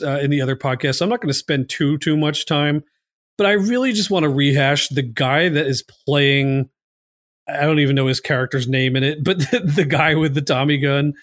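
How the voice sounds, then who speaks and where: Rambling podcast host with a higher voice. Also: male voice, fairly bright tone, dry recording, clean studio sound. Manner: rambling, filler-heavy, lots of "like". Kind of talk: casual movie discussion podcast.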